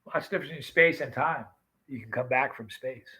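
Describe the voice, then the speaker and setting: A man's voice: mid-range voice, fairly quick, bright, forceful tone, slightly rough, rough recording. A man in his fifties casually chatting on a livestream, greeting viewers by name and telling stories. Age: 50s. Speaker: livestream host.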